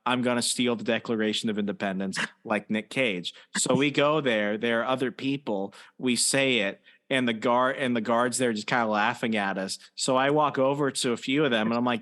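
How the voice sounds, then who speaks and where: A man hosting a podcast in loose, casual conversation. His voice sits at an ordinary middle pitch, and he rambles through his stories with plenty of fillers and false starts. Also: steady tone, normal speed, hardly any pauses, a bit bright. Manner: rambling storyteller, many fillers and restarts. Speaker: podcast host. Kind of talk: casual chat.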